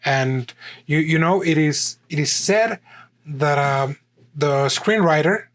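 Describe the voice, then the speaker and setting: A man's voice: a little high, slow pace. A man co-hosting a podcast, speaking hesitantly with stammered restarts. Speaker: podcast co-host. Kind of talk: casual chat.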